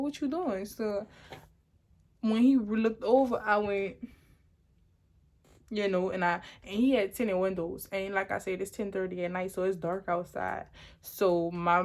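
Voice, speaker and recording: A young adult woman telling a personal storytime on her vlog, animated and rambling with many restarts. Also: mid-range voice. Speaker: vlogger.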